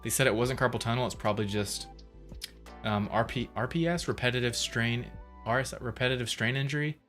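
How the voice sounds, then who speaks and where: A man's voice: medium pitch, fairly even intonation, a little fast, a bit bright. A man in his thirties chatting casually on a livestream, rambling, laughing often and reading chat aloud. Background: faint music.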